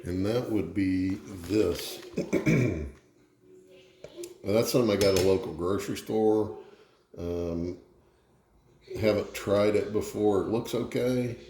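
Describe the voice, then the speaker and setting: A man's voice: fairly low pitch, slow pace, long pauses, dark tone, a little hiss or hum. Easygoing man in an echoey kitchen. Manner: easygoing, chatty storyteller. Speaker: home cooking host. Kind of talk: casual cooking demo and joke telling. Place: home kitchen.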